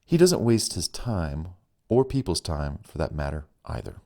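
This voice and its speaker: A man's voice: low voice, very animated, a little slow, creaky, dark tone. A man narrating his own romance audiobook in an earnest, conversational way. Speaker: author and narrator.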